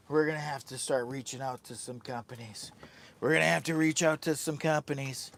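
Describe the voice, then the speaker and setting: A man's voice: mid-range voice, steady tone, a little fast, creaky, fairly bright tone. A man hosting a casual live stream from a camping trip, rambling and joking with his viewers and his dog. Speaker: livestreaming camper and channel host. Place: tent at a campsite.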